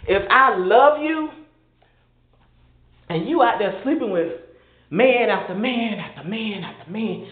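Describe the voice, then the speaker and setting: A woman's voice: medium pitch, animated, measured pace, pauses often. An older woman, preaching an informal sermon in an impassioned, conversational way, sometimes mimicking people in mocking asides. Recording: phone-quality audio in an echoey room.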